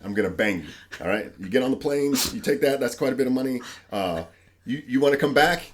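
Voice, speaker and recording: A man co-hosting a podcast in casual chat, animatedly retelling a TV episode and acting out the lines. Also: medium pitch. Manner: fast, animated retelling with quoted lines and laughs. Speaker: podcast co-host. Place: studio.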